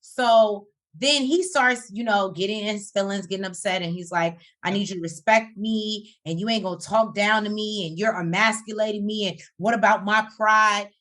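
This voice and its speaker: A woman co-hosting a casual podcast, recapping a reality show with a sassy, animated manner. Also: mid-range voice, moderate pace, hardly any pauses. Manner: animated, sassy, breaks into song and laughter. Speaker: podcast co-host.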